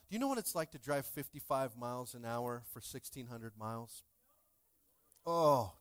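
Joking male pastor preaching a sermon. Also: medium pitch. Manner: joking, playful asides to the congregation; swings between loud bursts and soft asides. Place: church sanctuary.

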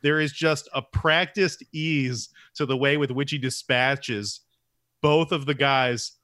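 A man's voice: medium pitch, steady tone, bright, forceful tone. A man co-hosting a podcast, chatting casually with rambling jokes and asides. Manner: joking, rambling, quick asides. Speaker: podcast co-host. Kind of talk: casual comedic chat.

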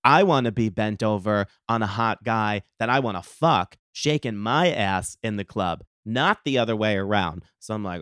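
A young adult man hosting a solo podcast, telling an animated, profane story full of quoted dialogue. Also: on the low side, normal speed, few pauses, clean tone, no echo, clean studio sound. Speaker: podcast host.

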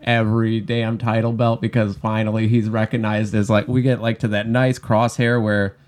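A man chatting about wrestling on a podcast as a guest, animated and joking, with slangy speech and frequent laughter. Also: fairly low pitch, moderate pace. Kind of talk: casual chat about wrestling.

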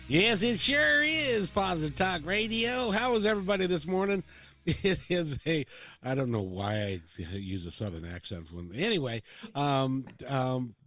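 A man hosting a morning talk radio show, enthusiastic and playful, on a studio microphone. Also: no echo. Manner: enthusiastic, playful, swoops in pitch.

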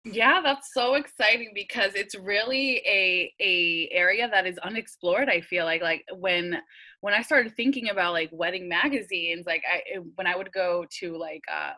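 Bright-voiced woman hosting a chatty podcast. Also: mid-range voice, moderate pace. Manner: upbeat and gushing, with "like" fillers. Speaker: podcast host. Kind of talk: casual interview chat.

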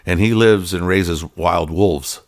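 A man's voice: low voice, slow, creaky. A middle-aged man telling a personal story in a casual, rambling way, full of fillers and restarts. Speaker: guest telling his story.

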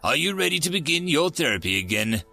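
A man's voice: on the high side, very animated, fast talker, creaky, sharp tone, faint music behind, heavily acted. A man voicing a battle-scarred male bat-like warrior prince who speaks firmly and dryly in a storybook reading. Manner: firm, dry and formal.

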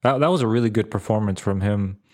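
Co-host type, man with a lowish voice, loose rambling movie chat. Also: quick pace, darkish tone. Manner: rambling, many restarts and fillers. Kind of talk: casual movie review chat.

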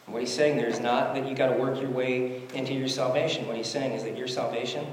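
A man's voice: medium pitch, level tone, fast talker, slight background noise. A man preaching a sermon, conversational, asking rhetorical questions as he works through scripture. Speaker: pastor. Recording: echoey hall with long reverb.

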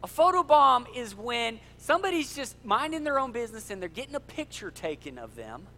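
A middle-aged male pastor, preaching an animated sermon in a church and joking with the congregation. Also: very high-pitched, a little fast. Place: church sanctuary.

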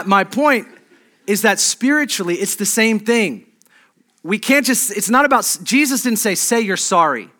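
A man's voice: sits high, sharp tone. A middle-aged man preaching a sermon as pastor, conversational and humorous, with restarts and asides to the congregation.

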